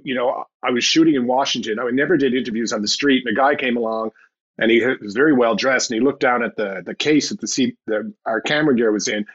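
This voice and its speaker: A man's voice: medium pitch, fairly bright tone, breathy edge, dull audio. A middle-aged man, a podcast guest telling wry anecdotes with sarcastic asides. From Canada. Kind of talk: anecdotal storytelling.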